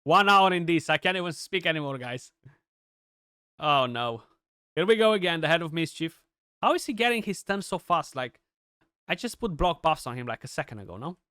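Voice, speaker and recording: A young man giving chatty, excitable live commentary on his gameplay, with many restarts and fillers. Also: on the high side, normal speed, smooth, dry recording, clean studio sound. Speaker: gaming streamer.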